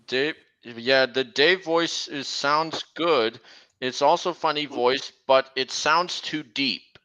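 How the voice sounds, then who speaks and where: Young guy chatting on a stream, slow and stop-start, kinda bright edgy voice. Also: mid-range voice, clean tone, rough recording. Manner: halting, with frequent restarts. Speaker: livestream host. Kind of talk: casual stream chat.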